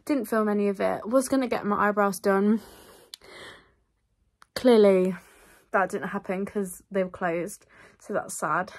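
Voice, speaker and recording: Chatty young woman vlogging. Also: mid-range voice. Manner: chatty, rambling, laughs often. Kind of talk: casual chat to camera.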